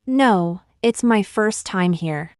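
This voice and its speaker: A woman teaching everyday English phrases in a slow, deliberate, scripted lesson. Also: mid-range voice, expressive, darkish tone, no echo, studio quality. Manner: slow, deliberate, clearly enunciated.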